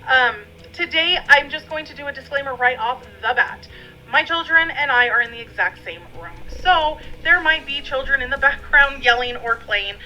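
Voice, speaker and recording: Bright, chatty woman vlogger. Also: sits high, moderate pace, highs cut off, faint music behind. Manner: rambling and friendly, many fillers. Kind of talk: casual chatty vlog. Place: dining room at home.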